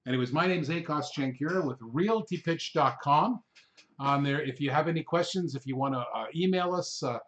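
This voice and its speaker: A middle-aged man giving a sales training talk, telling stories with animated delivery and acting out his past outbursts. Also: a little high, a little fast, lo-fi sound. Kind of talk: training video monologue.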